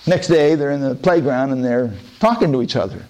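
A man telling parable-like stories in a relaxed, conversational way, then reflecting on them. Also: medium pitch, a little fast. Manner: relaxed, conversational storytelling with asides. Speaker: speaker. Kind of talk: storytelling talk.

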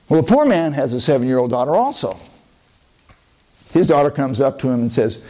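A man telling parable-like stories in a relaxed, conversational way, then reflecting on them. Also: mid-range voice, fairly quick, pauses often. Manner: relaxed, conversational storytelling with asides. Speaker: speaker. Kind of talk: storytelling talk.

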